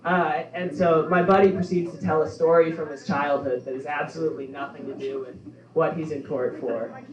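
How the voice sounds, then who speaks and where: A young man doing a stand-up set, halting and offhand, with lots of fillers. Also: fairly high pitch, steady tone, crowd noise. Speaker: stand-up comedian. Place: comedy club stage. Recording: echoey, dull room recording from far off. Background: audience laughter.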